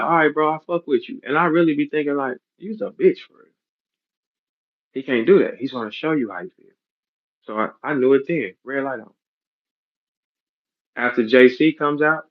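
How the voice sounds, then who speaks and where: A man ranting bluntly in a heated podcast, heavy with profanity and street slang, explaining a business dispute. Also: fairly high pitch. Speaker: battle rap league owner. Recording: dull lo-fi audio.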